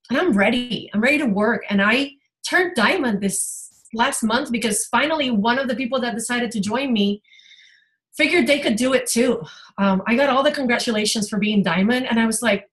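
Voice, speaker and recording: A woman's voice: a little high, normal speed, a bit bright, low-quality recording. A woman health coach giving an emotional, rambling personal testimony on a team video call.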